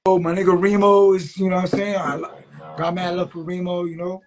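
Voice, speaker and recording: A man's voice: high voice, little pitch movement, a little fast, a little hiss or hum. A man, a graffiti writer, telling street stories in a loose, profane, streetwise way during a casual interview. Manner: loose, profane, streetwise, peppered with "you know what I'm saying".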